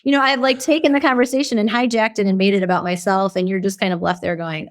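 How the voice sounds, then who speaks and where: A middle-aged woman, a guest expert in a conversational interview, explaining with lively, animated delivery. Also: quick pace, few pauses. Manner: animated, acts out example dialogue with big pitch jumps.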